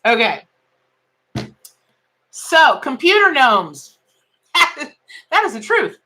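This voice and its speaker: A woman's voice: high-pitched, big pitch swings, extremely slow, sharp tone. A middle-aged woman, hosting a casual live-stream tarot reading in a chatty, exclamatory, folksy way.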